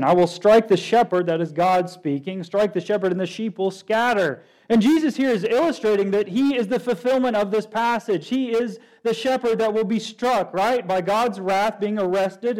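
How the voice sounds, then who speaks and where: A man's voice: high-pitched, a little mellow, rough recording. A man preaching a sermon as pastor, asking his listeners many rhetorical questions.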